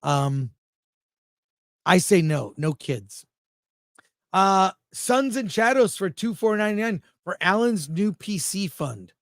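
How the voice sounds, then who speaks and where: A man's voice: high voice, lively intonation, slow pace, dry recording. A man co-hosting a casual livestream film review show, blunt and jokey, reading viewer comments aloud. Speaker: film critic co-host.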